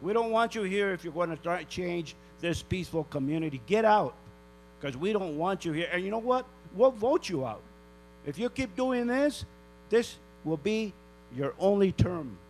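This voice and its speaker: An older man from northern New Mexico stands at a public comment microphone in a council chamber, scolding the officials with indignant rhetorical questions. His voice sits fairly high for a man. A steady electrical hum runs under the recording. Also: normal speed, rough recording.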